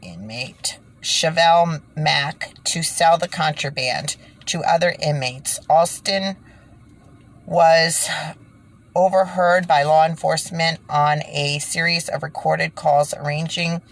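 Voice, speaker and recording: A woman with a low, creaky voice speaks slowly as a video creator reading news, indoors in fading daylight. She first comments indignantly, repeating her points for emphasis, then stumbles over words while reading a news report aloud.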